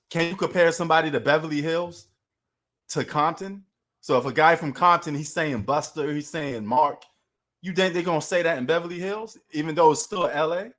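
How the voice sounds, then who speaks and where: A man's voice: fairly high pitch, fairly bright tone. Slangy Queens New York man streaming. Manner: loose, slangy, talks to chat. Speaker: sports livestream host. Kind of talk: casual livestream commentary.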